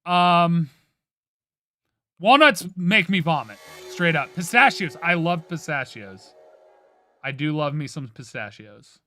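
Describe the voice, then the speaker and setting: A man's voice: on the high side, animated, slow, sharp tone, no echo, studio quality, faint music behind. A man from Ohio chatting casually with his stream viewers, giving playfully dramatic opinions.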